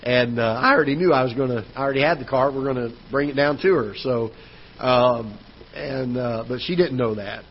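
A man's voice: medium pitch, a little fast, slightly rough, highs cut off. A man preaching a sermon as pastor, telling a personal story in a conversational way with frequent restarts. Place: church auditorium.

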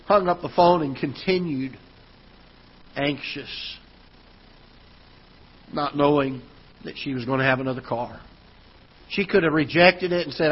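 Male pastor, husky voice, storytelling sermon that turns emphatic; dull live church feed. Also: on the high side, measured pace, long pauses. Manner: storytelling, rising to emphatic preaching. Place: church auditorium.

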